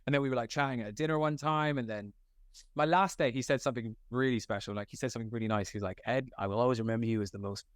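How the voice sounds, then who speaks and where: A young man from Scotland tells stories from a film set in a loose, slangy way, scattering filler likes through his talk. His voice sits at a middle pitch and is recorded close and dry, with no room sound. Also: racing, smooth, no room sound. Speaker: actor guest. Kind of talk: casual interview storytelling.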